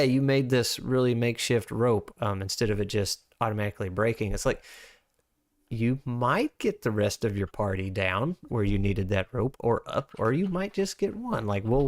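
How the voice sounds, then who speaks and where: A man's voice: fairly low pitch, no echo, studio quality. A man streaming as host, thinking aloud in a loose, rambling way while working through tabletop game rules. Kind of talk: casual livestream chat.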